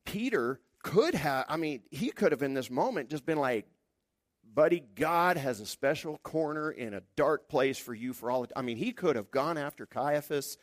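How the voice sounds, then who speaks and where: A man preaching a sermon in a conversational, lively way, acting out the quotes. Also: mid-range voice, dry recording, clean studio sound. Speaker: pastor.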